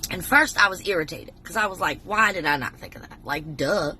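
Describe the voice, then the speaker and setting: Woman, 40s, casual storytelling to a phone, profane, blunt, slightly low voice. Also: expressive, fairly quick, pushed and bright, a little hiss or hum. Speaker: TikTok storyteller.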